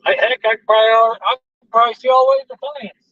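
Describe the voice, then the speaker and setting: A man's voice: extremely high pitch, fairly even intonation, quick pace, pushed and bright, no echo. A man vlogging from a moving car, rambling through casual chat and stories. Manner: rambling, chatty storytelling. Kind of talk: casual chat while driving. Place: car on a highway. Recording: distant, dull in-car recording with road noise.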